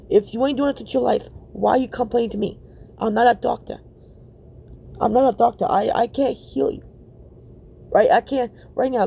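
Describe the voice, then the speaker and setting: A woman's voice: fairly high pitch, gravelly, dark tone, a little hiss or hum. A woman hosting a reaction video, ranting bluntly and profanely and repeating herself for emphasis.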